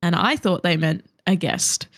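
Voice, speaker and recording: A woman co-hosting a podcast, telling an animated story with laughter and swearing. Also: lowish voice, a little slow, no echo. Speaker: podcast co-host. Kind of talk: casual chat.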